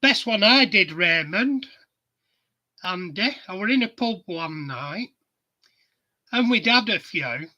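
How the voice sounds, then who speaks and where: A middle-aged man, chatting casually and telling stories at an unhurried pace. His voice is high and very bright, and he laughs at his own anecdotes. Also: animated, dull audio. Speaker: livestream host. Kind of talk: casual chat.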